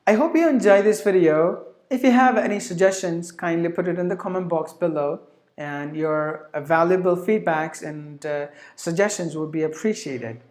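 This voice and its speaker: A woman teaching English pronunciation, repeating each word slowly several times with filler sounds between explanations. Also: lowish voice, a little mellow. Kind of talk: pronunciation lesson. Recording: echoey room.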